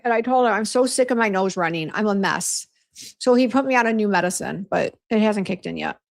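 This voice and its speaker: A medium-pitched voice with vocal fry belongs to a woman hosting a beauty brand's casual livestream, where she reads viewer comments aloud and chats and vents along the way.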